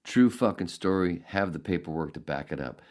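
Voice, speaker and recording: A man's voice: deep voice, expressive, normal speed, a little mellow. A man hosting a solo podcast, ranting angrily and sarcastically with heavy profanity. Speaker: podcast host.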